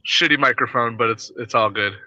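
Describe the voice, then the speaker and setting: A man chats as a laid-back podcast guest through a cheap, tinny microphone. His tone is sharp and bright, and the sound is dry and muffled. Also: medium pitch, brisk, no echo. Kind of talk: casual podcast chat.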